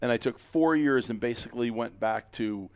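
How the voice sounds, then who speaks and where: A man's voice: medium pitch, normal speed, a little mellow, smooth. A middle-aged man hosting a casual podcast chat, rambling and joking with many fillers and restarts. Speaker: podcast host.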